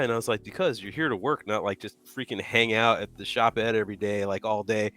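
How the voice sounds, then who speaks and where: A man co-hosting a live painting stream, telling stories in a loud, animated way and laughing often. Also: on the low side, fast, hardly any pauses, no room sound. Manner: animated storyteller, acts out yelling, laughs a lot. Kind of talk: casual chat, telling stories.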